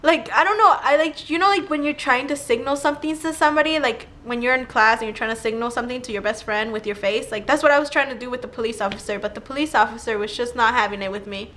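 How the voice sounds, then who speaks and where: A young woman telling a personal story to camera in a chatty, animated way, with "like" all through her talk. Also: on the high side, fast, few pauses, slight background noise. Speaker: vlogger. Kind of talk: casual storytime.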